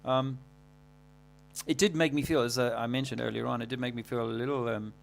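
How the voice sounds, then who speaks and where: A man hosting a livestream, talking casually in a rambling, halting way full of fillers and restarts. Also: medium pitch, steady tone, creaky, slight background noise. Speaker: livestream host.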